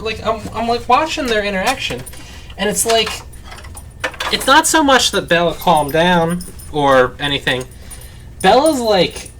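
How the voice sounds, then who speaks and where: Chatty, rambling man with a bright, lively voice. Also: mid-range voice. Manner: rambling, chatty, full of "like" fillers. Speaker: let's play host. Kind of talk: casual gameplay commentary. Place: at his parents' home. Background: dogs barking nearby.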